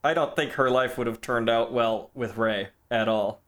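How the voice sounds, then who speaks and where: A man's voice: medium pitch, moderate pace, a bit bright. Chatty man co-hosting a film podcast. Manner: chatty, laughs often, stammers on restarts. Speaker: podcast co-host. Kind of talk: casual film discussion.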